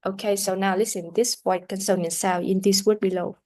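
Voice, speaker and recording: A woman teaching English pronunciation in a classroom lesson, explaining deliberately and often restarting her sentences. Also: medium pitch, little pitch movement.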